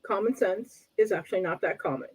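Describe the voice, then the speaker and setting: A woman's voice: medium pitch, brisk, breathy edge, poor audio. A woman from Canada co-hosting a relationship talk show as a coach, wry and politely blunt, often laughing. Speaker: co-host and coach.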